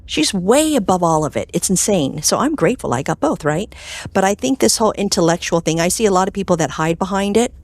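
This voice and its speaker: A woman, a clinical hypnotherapist, talking as a guest in an interview, telling stories with animated swings up in pitch and soft whispers on quoted phrases. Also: fairly quick, no echo. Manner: animated storytelling, voice jumping high with enthusiasm. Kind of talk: conversational interview.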